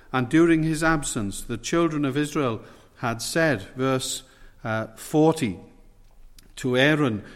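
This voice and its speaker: A man preaching an expository sermon, emphatic, quoting scripture and stressing key words by lifting and dropping his voice. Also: a little high. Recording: long hall reverb.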